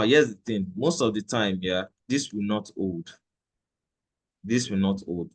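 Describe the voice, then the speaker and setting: A man leads a live trading lesson in a fairly low voice. He talks in a loose, conversational way, repeats his points and keeps checking in with the viewers. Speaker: trading instructor.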